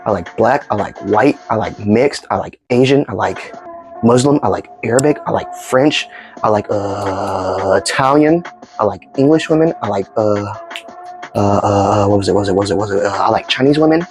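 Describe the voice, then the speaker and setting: Animated rambling man telling stories. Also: fairly low pitch, normal speed, faint music behind. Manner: rambling, animated, acts out dialogue. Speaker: storytime vlogger. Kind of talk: casual storytelling.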